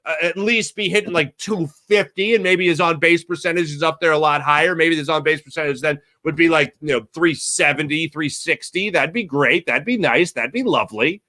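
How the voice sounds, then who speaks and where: On clean, echo-free studio audio, a man talks briskly and with few pauses in a slightly high voice. Hosting a postgame baseball show, he chats casually with his live chat, staying animated, emphatic, and prone to repeating himself for effect.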